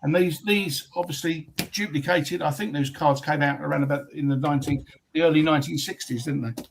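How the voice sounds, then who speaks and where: A man's voice: on the high side, steady tone, a little fast, vocal fry, a little hiss or hum, rough recording. An English man, a guest on a casual chat stream, telling stories with lots of ums and restarts. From England. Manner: rambling, hesitant storyteller with many ums.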